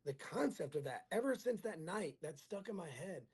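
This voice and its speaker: A male comedian in casual chat, telling a rambling, crude, self-mocking story and acting out every line of dialogue. His voice is gravelly and husky, sitting a little high for a man. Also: lively intonation, moderate pace, a little mellow. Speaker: comedian guest.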